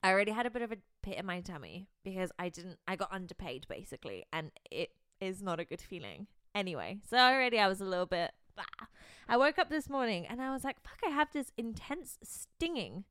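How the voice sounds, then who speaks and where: Young woman, podcast co-host, bright clear voice, lively pitch, giggly casual chat. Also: fast, dry recording, studio quality. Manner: animated, giggly storytelling with many fillers.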